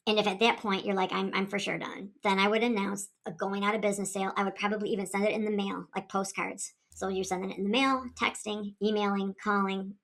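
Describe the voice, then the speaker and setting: A woman's voice: medium pitch, little pitch movement, fast talker, few pauses, fairly bright tone. Upbeat coaxing saleswoman. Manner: upbeat, coaxing, checks in with "okay?". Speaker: direct sales consultant. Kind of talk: advice video.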